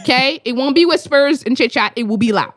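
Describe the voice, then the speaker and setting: A young woman from Australia, a spoken word poet, telling stories in a casual conversation, animated and swearing freely. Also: high-pitched, a little fast, dry recording, clean studio sound. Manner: animated, swears freely, acts out voices in anecdotes.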